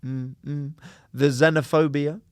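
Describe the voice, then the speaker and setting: A man's voice: fairly high pitch, level tone, a little slow, smooth, no room sound, clean studio sound. A man co-hosting a podcast, reading listener messages in casual chat and laughing often. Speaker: podcast co-host.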